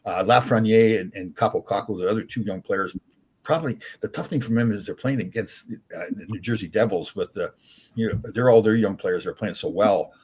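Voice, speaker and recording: An older man, a former hockey player, telling animated stories as a podcast guest with many restarts. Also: lowish voice, fairly quick, slightly rough. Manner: animated, rambling anecdotes with frequent restarts. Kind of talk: casual storytelling.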